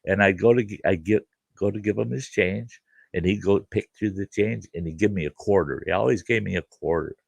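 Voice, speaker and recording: A man's voice: on the low side, a little fast, creaky, breathy edge, no room sound. A middle-aged man hosting a show and telling a rambling childhood story in a folksy, casual way. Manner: folksy, rambling, with fillers like "you know". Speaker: host and storyteller.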